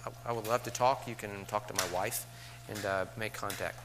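A man's voice: lowish voice, fairly even intonation, moderate pace, background noise. A man giving a casual, joking workshop talk to fellow teachers, acting out what students say. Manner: joking, conversational, acts out students' lines. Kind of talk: casual lecture.

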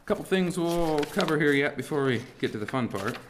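A man teaching a class on musical timing, talking haltingly with many restarts and asking the students rhetorical questions. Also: on the high side, lively intonation, reverberant, a little hiss or hum. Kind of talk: classroom lesson on beat patterns. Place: warm indoor classroom.

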